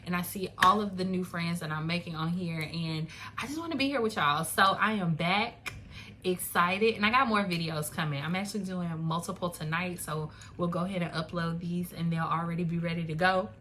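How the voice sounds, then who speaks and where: A young woman chatting into a phone camera at home, lively and loose, full of "like" and "y'all" asides. Her voice is bright and forward. A faint room hum sits behind her. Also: on the low side, fairly quick. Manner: chatty, animated, laughing asides, lots of "like" and "y'all". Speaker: book reviewer. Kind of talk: casual chat.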